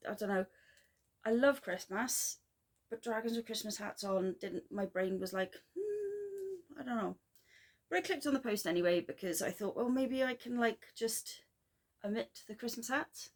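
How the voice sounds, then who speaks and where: A woman chatting casually in a craft vlog, rambling and self-deprecating with quick asides. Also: medium pitch. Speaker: flosstube vlogger. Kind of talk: casual chat.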